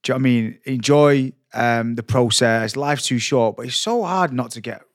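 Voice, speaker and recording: A man's voice: medium pitch, moderate pace, no room sound. Casual young man hosting, dry sound. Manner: casual, many "like" fillers. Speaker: podcast host. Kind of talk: conversational interview.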